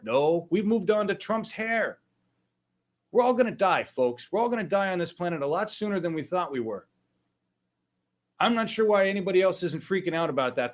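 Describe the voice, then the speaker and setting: Angry, high-voiced ranting male host. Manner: angry, profane, emphatic outbursts. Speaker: online political show host. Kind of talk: political rant.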